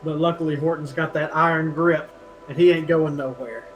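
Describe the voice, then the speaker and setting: A man's voice: on the high side, fairly even intonation, normal speed, highs cut off, faint music behind. A man running a tabletop role-playing game as game master, narrating with many hesitations. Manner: hesitant, filler-heavy narration.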